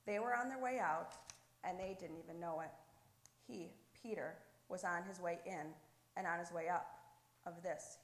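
Low-voiced woman reading a devotion. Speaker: devotional reader. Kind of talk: devotional narration and prayer. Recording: echoey room.

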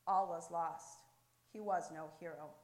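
Devotional reader, woman, low voice, echoey room. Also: steady tone, measured pace, darkish tone. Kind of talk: devotional narration and prayer.

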